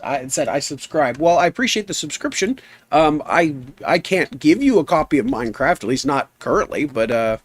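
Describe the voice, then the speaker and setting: A man streaming a game live, chatting in an easygoing, rambling way and reading his chat aloud, with a rough voice. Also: fairly high pitch, no room sound. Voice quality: rough, gnarly voice.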